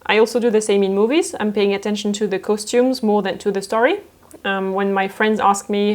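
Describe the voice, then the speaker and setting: A young French woman, a fashion designer, answering viewer questions in a casual vlog, with a lively, playful manner and frequent laughs. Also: medium pitch, brisk. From France.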